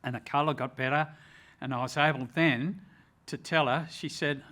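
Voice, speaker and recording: An older man with an Australian accent, a retired rescue officer and ambulance chaplain, telling a personal story in an earnest, measured and reflective way. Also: a little high, fairly even intonation, sharp tone.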